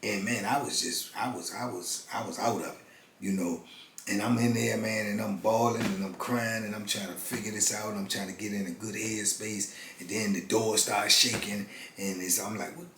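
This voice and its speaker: Earnest low-voiced man in his fifties. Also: steady tone, bright, forceful tone, a little hiss or hum. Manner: halting, earnest, many restarts and "you know what I'm saying". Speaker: formerly incarcerated channel host. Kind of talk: personal storytelling. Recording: roomy room with faint ambience.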